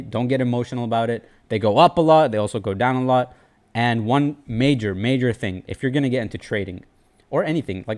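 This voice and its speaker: A man hosting a casual advice talk, animated and earnest, slangy, repeating phrases for emphasis. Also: mid-range voice. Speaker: host.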